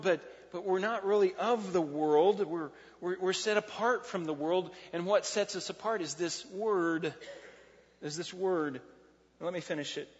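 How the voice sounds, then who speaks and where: A man preaching a sermon as pastor, talking in a conversational way, often repeating words as he reads and explains scripture. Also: a little high. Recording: lo-fi with long reverb in a hall.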